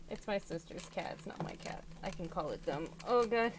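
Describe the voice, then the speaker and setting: A woman's voice: mid-range voice, expressive, fairly quick, slight background noise. A young woman chatting through a fiddly crafting job at home, often exclaiming as she works. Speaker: doll hobby vlogger. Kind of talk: casual crafting vlog.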